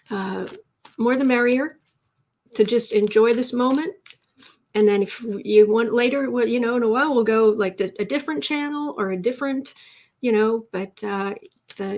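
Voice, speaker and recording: Woman, live-stream tarot host, emotional and chatty, slightly high voice. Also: a little mellow. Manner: emotional and chatty, many restarts. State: teary with emotion. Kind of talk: live stream chat reading viewer comments.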